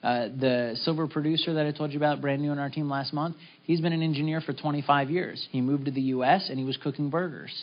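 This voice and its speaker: A man's voice: a little high, fairly even intonation, fast, few pauses. A middle-aged man giving a casual, upbeat motivational talk to his business team, acting out little conversations as he goes. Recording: slightly dull lo-fi recording.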